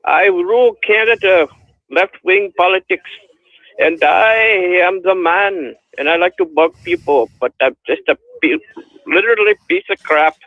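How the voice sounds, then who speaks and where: A man's voice: sits high, a little slow, no room sound. A man voicing a boastful, exaggerated impression of a male online commentator on a lo-fi voicemail. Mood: mocking. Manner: over-the-top hyperbolic parody. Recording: dull lo-fi voicemail.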